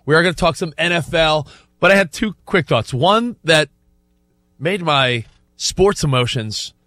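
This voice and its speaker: Man, sports radio co-host, rambling musings, slightly high, dry studio sound. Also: lively intonation, bright, forceful tone, dry recording. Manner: rambling, musing, quick asides. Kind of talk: casual sports radio talk. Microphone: studio broadcast mic.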